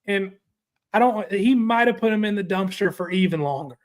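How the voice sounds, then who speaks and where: A young man co-hosting a casual sports talk show, rambling with halting restarts and spelling words out for emphasis. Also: sits high.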